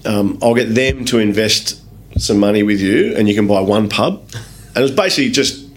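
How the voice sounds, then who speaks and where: Low-voiced Australian man telling stories. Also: moderate pace. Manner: lively anecdotes, swears, calls people mate, acts out others' lines. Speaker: guest, business owner. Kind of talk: casual storytelling in a podcast interview.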